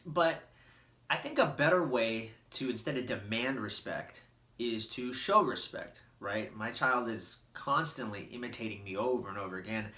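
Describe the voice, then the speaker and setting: A man's voice: mid-range voice, expressive, normal speed, sharp tone, roomy sound. A man giving an earnest, plain-spoken parenting talk to camera, full of "you know" fillers.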